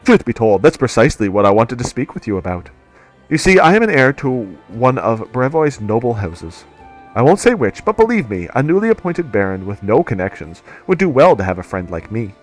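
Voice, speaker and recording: A man's voice: mid-range voice, sing-song, a little fast, faint music behind. A man voicing a polite, scheming seventeen-year-old noble heir in a game. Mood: courteous.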